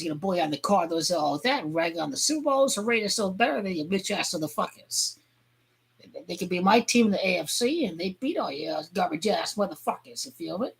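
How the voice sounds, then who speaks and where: Woman, husky voice, mid pitch, crude rambling football rant, heated, bursts into shouting. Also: expressive, brisk. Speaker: sports fan vlogger.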